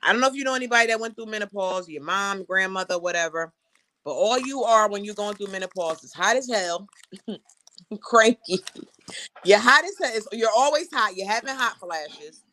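A woman hosting a casual talk show, telling a personal story in a frank, animated way with laughs. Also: medium pitch, normal speed. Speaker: host.

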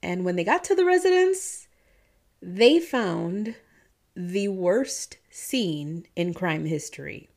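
A woman's voice: on the low side, animated, takes it slowly, creaky, a little mellow. A woman with a Midwestern accent blended with a Southern twang, telling a true-crime story in a chatty, casual way, swearing and laughing often. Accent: Midwestern American with a Southern twang.

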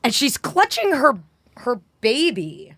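A young woman, co-hosting a podcast and telling a long story in a rambling, animated way. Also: sits high, slow, no echo, clean studio sound. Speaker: podcast co-host. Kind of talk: casual comedic chat.

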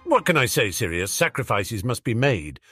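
A man's voice: mid-range voice, sing-song, moderate pace, sharp tone, husky, soft background music, heavily acted. A man voicing a sarcastic, cheeky teenage boy wizard in a storybook reading, teasing and mock-dramatic. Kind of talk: audiobook character reading.

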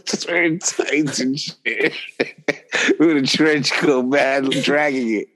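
A man's voice: on the high side, slow pace, fairly bright tone. A man co-hosting a podcast in casual chat, reacting with short replies, laughter and jokes. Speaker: podcast co-host.

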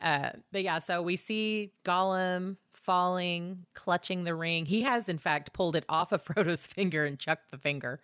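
A woman co-hosting a podcast, recapping a film in casual chat, laughing often, swearing and acting out lines in quick voices. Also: on the low side, fairly bright tone, clear, resonant tone, dry recording, clean studio sound. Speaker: podcast co-host.

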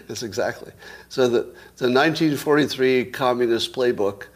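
Musing male commentator thinking out loud. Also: medium pitch, moderate pace. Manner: musing aloud, asking rhetorical questions, chuckling. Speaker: show host commentator. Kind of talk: casual solo commentary.

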